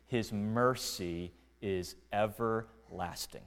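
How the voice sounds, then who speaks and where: A man preaching a sermon as pastor, earnest and deliberate, dropping to quiet lines and rising to emphatic ones. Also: lowish voice, clear, resonant tone, big-room sound. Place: church sanctuary.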